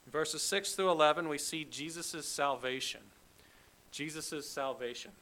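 Preacher guy going through a bible passage, kinda high bright voice, gets really emphatic. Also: moderate pace. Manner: emphatic, acts out quoted lines with rising intensity. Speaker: pastor. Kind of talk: expository sermon.

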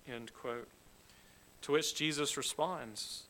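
A man's voice: high-pitched, a little slow, bright, forceful tone. A man preaching an expository sermon, emphatic and dramatic, acting out the quoted lines with rising force. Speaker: pastor.

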